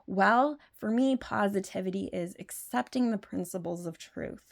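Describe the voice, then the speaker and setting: A woman's voice: mid-range voice, moderate pace, creaky. A woman hosting her own video, talking through her opinions in a rambling way with many fillers and restarts. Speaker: video host. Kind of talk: unscripted opinion monologue.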